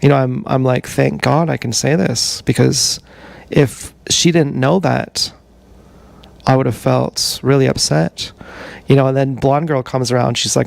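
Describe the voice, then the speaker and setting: A man telling a long, meandering personal story on a livestream, halting and full of fillers. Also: medium pitch, fairly even intonation, creaky, no room sound. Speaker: streamer. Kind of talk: rambling livestream monologue.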